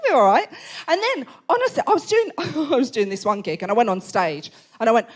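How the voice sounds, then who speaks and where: A woman's voice: on the high side, huge pitch swings, fairly quick. A woman in her forties with an Essex accent, doing stand-up comedy in a club, brash, sweary and self-mocking. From England. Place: comedy club, live audience.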